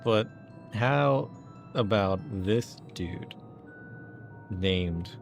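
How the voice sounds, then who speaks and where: A man's voice: fairly low pitch, expressive, drawn-out words, vocal fry, faint music behind. A man streaming a game, joking and amused as he comments on it. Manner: joking, amused, mock-puzzled. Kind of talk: playful live game commentary.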